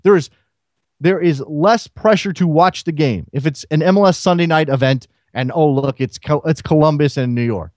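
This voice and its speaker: Animated man hosting sports talk. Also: a little high, normal speed, no room sound, studio quality. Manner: rhetorical questioning, animated. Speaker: radio show host. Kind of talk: solo call-in radio talk.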